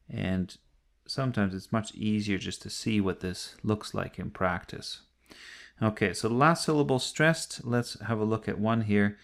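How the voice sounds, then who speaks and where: A man's voice: fairly low pitch, unhurried, creaky, fairly bright tone. A man teaching an English grammar lesson, explaining patiently step by step and repeating key points.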